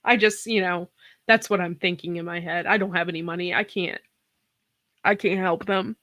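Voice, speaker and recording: A woman's voice: fairly low pitch, steady tone, normal speed, sharp tone, no echo, studio quality. Tearful woman rambling on a live stream. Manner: rambling, sighing, with many restarts. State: tearful after crying. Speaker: host of a farm channel live stream. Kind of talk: casual live-stream chat.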